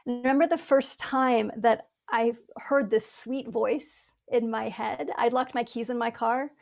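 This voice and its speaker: Woman, spiritual teacher, fairly high voice, earnest, reflective talk with frequent restarts. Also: fairly even intonation, gravelly. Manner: earnest, speaks in halting restarts, acts out inner voices.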